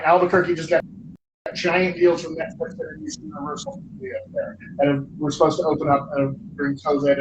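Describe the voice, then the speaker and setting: A man hosting a live Q&A as a dialect coach, giving chatty, enthusiastic advice with jokes, heard over a livestream microphone. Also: a little high. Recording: roomy, distant, dull lo-fi audio with faint noise.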